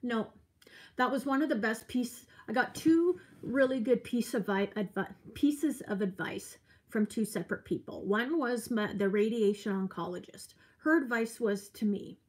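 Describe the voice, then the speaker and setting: Brief: earnest woman vlogger in her forties, slightly high voice, casual live chat, a bit tired. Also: normal speed. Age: 40s. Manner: chatty, earnest, reads out viewer comments. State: a little tired.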